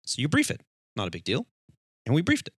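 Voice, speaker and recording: Lively storytelling man, bright voice. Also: mid-range voice, fast talker, slightly rough, no echo, clean studio sound. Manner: animated storyteller, acts out dialogue in his story. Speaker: airline pilot podcast host. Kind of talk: casual storytelling chat.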